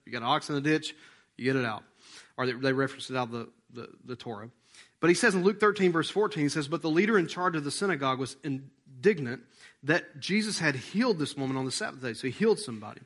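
Animated preacher with twang. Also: male voice, medium pitch, fast talker. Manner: lively, conversational preaching with sudden loud emphatic bursts; leads the congregation in breathing exercises. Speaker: pastor. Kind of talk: sermon.

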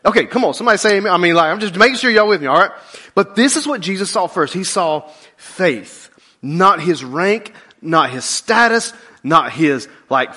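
A male pastor preaching with a lilt and a bright, ringing tone. His pitch swings widely as he jokes with the congregation, then sinks low and slow to drive home a point. The delivery is animated throughout. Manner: drops to a low, slow intensity for key points. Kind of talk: sermon.

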